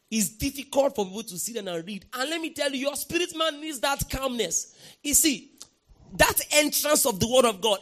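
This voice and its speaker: A man with a fairly high voice preaches a sermon in an emphatic way. He keeps asking the congregation to answer back and breaks into sudden shouts. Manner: emphatic, calls for congregation response, bursts into shouts. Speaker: pastor.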